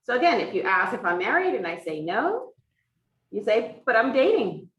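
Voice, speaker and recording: A woman's voice: on the high side, very animated, normal speed, fairly bright tone, lo-fi sound, slight background noise. A woman interpreting for a teacher, voicing a sign language lesson in the first person and explaining each point step by step. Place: classroom for a hybrid in-person and online class. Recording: echoey room from far off.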